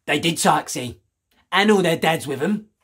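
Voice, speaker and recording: A man voicing a menacing, hostile working-class woman shopkeeper who snarls and shouts. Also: on the high side, expressive, moderate pace, slightly rough, full character voice. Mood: bitter.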